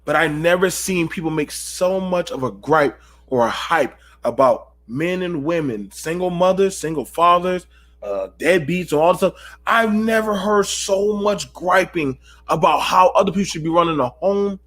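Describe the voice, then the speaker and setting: Man, late-night host, high voice, preaching rhetorical questions at his audience. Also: normal speed, fairly bright tone. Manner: preachy, rhetorical, talks to viewers. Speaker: channel host.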